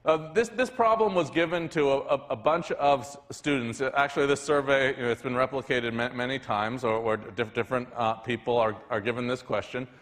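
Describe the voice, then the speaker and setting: Man, university lecturer, casual talk with restarts, mid pitch, long hall reverb. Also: fairly even intonation, a little fast, few pauses, fairly bright tone. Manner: conversational, frequent restarts and fillers.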